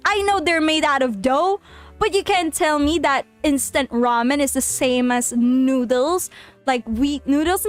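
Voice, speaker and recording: A woman streaming a game and chatting casually with her viewers, animated and exclaiming, often in mock outrage. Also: sits high, unhurried, faint music behind. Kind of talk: casual live-stream chat.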